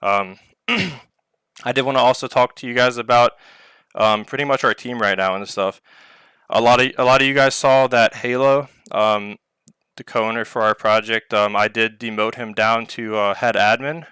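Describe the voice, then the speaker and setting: A man's voice: mid-range voice, steady tone, moderate pace, pushed and bright, clear, resonant tone, no echo, clean studio sound. A man hosting a casual live Q&A over online voice chat, rambling with lots of filler words. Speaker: project owner hosting a community Q&A. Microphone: online voice chat mic.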